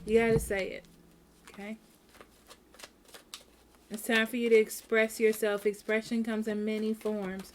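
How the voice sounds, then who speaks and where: A woman's voice: mid-range voice, flat delivery, a little slow, pauses often, noisy background. Blunt, repetitive woman giving a tarot reading. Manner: frank and repetitive, often adding "okay?". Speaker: tarot reader. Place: home.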